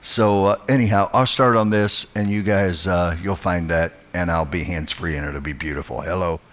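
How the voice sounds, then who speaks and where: A man's voice: sits low, steady tone, normal speed, fairly bright tone. A middle-aged man giving a chatty motivational church talk, greeting people by name. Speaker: guest speaker.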